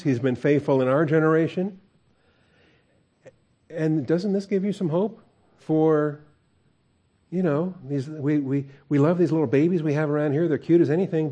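Male pastor, sermon, mellow warm tone, chatty, chuckles, asks questions. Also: a little high. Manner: conversational, chuckles often, asks the congregation questions.

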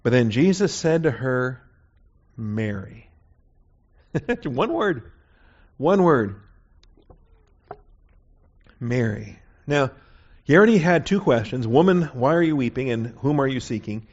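A man's voice: medium pitch, expressive, normal speed. A man teaching a verse-by-verse Bible lesson in a conversational way, often checking in with his listeners. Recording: dull, lo-fi recording.

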